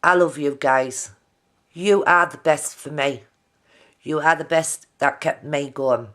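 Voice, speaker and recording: A woman's voice: deep voice, slow, fairly bright tone. A middle-aged woman, talking heartfelt and direct to her viewers in a video diary. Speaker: vlogger.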